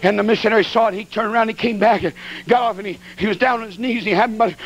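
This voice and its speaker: A man preaching a sermon as an evangelist, telling a funny story in a folksy, colloquial and excitable way. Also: sits high, racing, dull audio.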